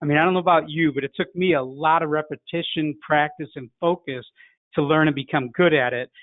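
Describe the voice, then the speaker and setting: A middle-aged Chicago man with a Chicago accent teaches a sales lesson in a direct, coaching manner, acting out phone greetings. His fairly high voice is fairly even in intonation and a little fast, recorded with a tinny, phone-like dry sound and no room sound.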